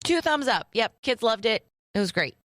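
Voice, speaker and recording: A woman's voice: on the high side, big pitch swings, moderate pace, fairly bright tone, no room sound, studio quality. A middle-aged woman co-hosting a radio show, chatting casually in an upbeat, plain-spoken way. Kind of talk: casual banter.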